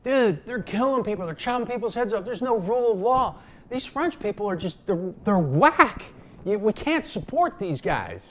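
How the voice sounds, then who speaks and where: A man putting on a higher, louder voice for an excited grown man ranting in slang. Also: moderate pace. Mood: alarmed.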